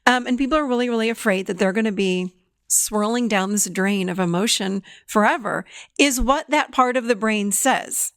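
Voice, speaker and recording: A woman hosting a podcast as a therapist, talking in an animated, emphatic way and laughing often. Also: mid-range voice, normal speed, no echo, studio quality. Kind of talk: conversational podcast talk.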